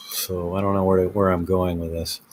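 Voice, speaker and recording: A man's voice: sits low, noisy background. A man talking in a casual, rambling monologue, full of fillers and restarts. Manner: hesitant, many fillers and restarts. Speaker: video host.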